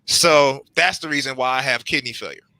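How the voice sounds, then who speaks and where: A young man telling his own hospital story on a panel, lively and acting out his reactions in quoted lines. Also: mid-range voice, normal speed, vocal fry, dry recording, poor audio. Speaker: transplant patient on a panel. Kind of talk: animated personal storytelling.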